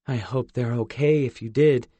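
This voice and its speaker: A man's voice: medium pitch, moderate pace, warm tone, slightly rough, dry recording, highs cut off, natural voice. A male narrator voicing a kindly, chatty middle-aged aunt asking friendly questions. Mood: curious. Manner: friendly, inquisitive.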